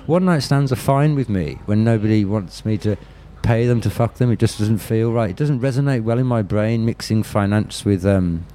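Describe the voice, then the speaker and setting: A man's voice: lowish voice, moderate pace, hardly any pauses, mellow, slight background noise. A man with a Birmingham accent, telling candid stories in an interview with blunt, profane talk and frequent restarts. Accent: Birmingham English. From Birmingham, England. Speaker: interview guest. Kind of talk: candid storytelling.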